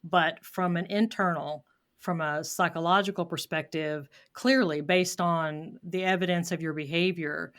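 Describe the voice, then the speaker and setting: A woman hosts a podcast interview in a slightly low voice. She sounds reflective and measured, pausing as she works through her thoughts. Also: fairly even intonation. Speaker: podcast host. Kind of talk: conversational interview.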